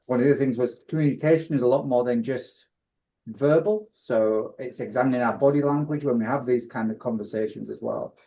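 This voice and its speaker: This man hosts a podcast and sums up advice point by point, often restarting his sentences. His voice is warm and relaxed, sitting at a middling pitch. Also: fairly quick. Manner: recaps points as a list, with frequent restarts. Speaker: coach and podcast host. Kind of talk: casual podcast discussion.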